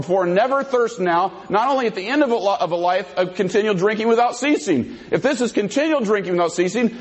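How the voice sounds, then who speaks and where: A man with a notably high-pitched voice delivers a combative theological debate presentation. He reads verses aloud and parses their grammar point by point to argue his case. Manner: combative, quotes and parses scripture.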